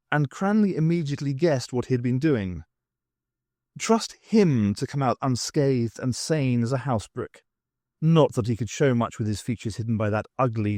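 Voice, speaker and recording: A man narrating an unabridged audiobook in a measured, dramatic reading. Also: medium pitch, darkish tone, no echo, clean studio sound. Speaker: audiobook reader.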